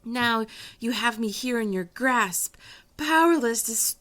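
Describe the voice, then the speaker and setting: A woman's voice: fairly high pitch, expressive, unhurried, a bit bright, pitched above the performer's own voice. A woman voicing a captured, desperate young woman pleading with her captor, read aloud from a page.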